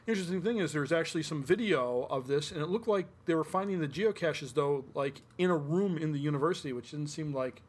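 A man's voice: a little high, fast talker, hardly any pauses. A man co-hosting a podcast, reading out news stories with joking asides in a casual chat. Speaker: podcast co-host.

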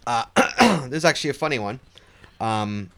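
A man's voice: mid-range voice, sing-song, moderate pace, fairly bright tone. Man, casual chat, rambling storyteller, swears, laughs a lot. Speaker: podcast co-host.

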